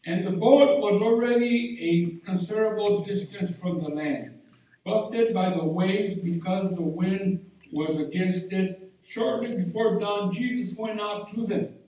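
A male pastor delivers a fervent sermon at an unhurried pace, building to shouts of praise. His voice sits fairly high for a man. The sound carries through a big, echoing church hall, picked up from some distance. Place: church sanctuary. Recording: echoey church hall from far off.

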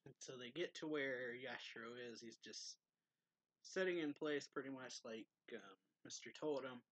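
A man's voice: medium pitch, normal speed, a bit bright, no echo. A man giving a casual recap of a manga chapter as a reviewer. He rambles and keeps stopping to correct himself. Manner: rambling, corrects himself often, reads quotes with a little extra push.

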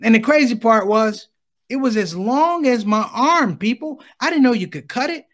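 A man performing a stand-up comedy set, telling stories with lively delivery and acting out the people in them. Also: very high-pitched, moderate pace. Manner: animated storytelling, acts out other voices. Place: on stage at a conference.

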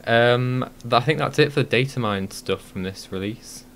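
A man's voice: medium pitch, moderate pace, fairly bright tone. Hesitant podcast host man. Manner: hesitant, many ums and restarts. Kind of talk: casual live-stream podcast chat.

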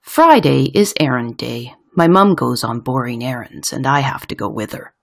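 A woman reads a children's picture book aloud in a low, husky voice with a gravelly edge. Her storytelling is expressive and swings widely in pitch. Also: moderate pace.

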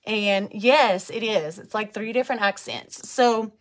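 A woman's voice: mid-range voice, measured pace. A woman with a thick Cajun Louisiana accent, from Louisiana, chatting to viewers through a live makeup tutorial. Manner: chatty, talks to viewers, reads out comments. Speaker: makeup vlogger.

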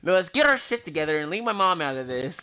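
Young guy trash-talking a game, mock narrator bits, animated bright voice. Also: on the high side, fast talker, clean tone. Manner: profane joking banter with mock narration. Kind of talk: comic gameplay fan dub commentary.

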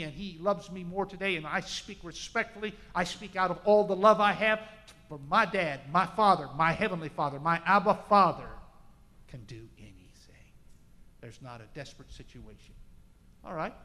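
A man preaching a sermon in a large church, impassioned, with dramatic swings from loud to hushed. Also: high voice. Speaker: pastor. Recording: echoey church hall.

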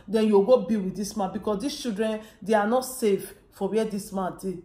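Mellow-voiced woman telling a story in Pidgin. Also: mid-range voice, moderate pace, reverberant. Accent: Nigerian Pidgin. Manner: retells a story with quoted dialogue. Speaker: vlogger. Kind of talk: casual storytelling.

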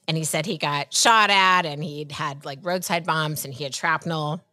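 A woman's voice: on the low side, lively intonation, moderate pace, hardly any pauses, sharp tone, no echo. A woman co-hosting a podcast, telling a rambling travel story in casual chat, restarting her sentences and laughing as she goes. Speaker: podcast co-host.

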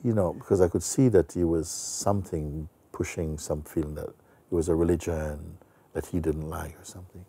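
Gravelly, very dark-voiced man telling a story. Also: extremely low pitch, fairly even intonation, normal speed. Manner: soft, meandering, full of "you know". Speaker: spiritual teacher. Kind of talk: storytelling during a spiritual talk.

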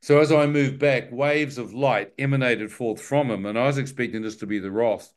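A man's voice: medium pitch, moderate pace. A man sharing his personal testimony with a live church audience, telling it vividly and with self-mocking humor.

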